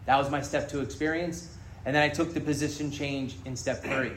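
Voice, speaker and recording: With a mid-range voice, a steady tone and a slightly fast delivery, a man shares his recovery story to a gathered group, frankly and with humor and plenty of swearing. The meeting room's hall echo is noticeable, and a faint hiss or hum runs underneath.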